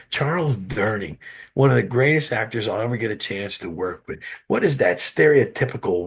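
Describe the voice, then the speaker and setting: A man guest, an actor, telling animated stories in an interview with frequent restarts, heard over a video call. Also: fairly low pitch, moderate pace, creaky, slightly rough. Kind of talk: interview storytelling.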